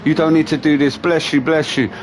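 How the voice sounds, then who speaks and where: A man's voice: on the high side, fairly even intonation, brisk, slight background noise, pitched above the performer's own voice, lightly acted. A man voicing a cheerful, apologetic male taxi driver who thanks him over and over. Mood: apologetic, grateful. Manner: effusive, grateful.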